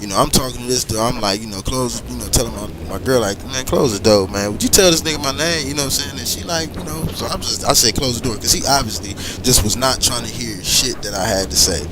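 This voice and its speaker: A middle-aged man telling a long personal story casually while gaming, rambling and animated. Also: medium pitch, fast talker, hardly any pauses, noisy background. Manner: animated, rambling, frequent "you know what I'm saying". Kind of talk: casual storytelling over gameplay.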